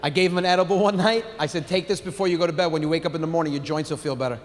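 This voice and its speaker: A man doing stand-up comedy, telling animated stories, shouting punchlines and acting out his family. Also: fairly high pitch, racing. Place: large theater stage with audience. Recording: live hall reverb with audience noise.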